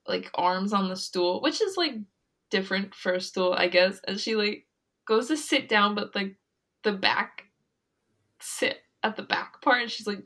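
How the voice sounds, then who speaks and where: A woman's voice: medium pitch, pushed and bright. A young woman co-hosting a podcast, chatting casually and giggling, full of "like" fillers. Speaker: podcast co-host. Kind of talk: casual chat recapping a reality show.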